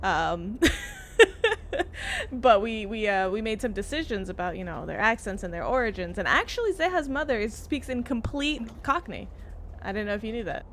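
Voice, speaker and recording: A woman's voice: mid-range voice, lively intonation, moderate pace, fairly bright tone, a little hiss or hum. A woman player chatting casually before an online tabletop game session, laughing often between words. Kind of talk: casual pre-session chat.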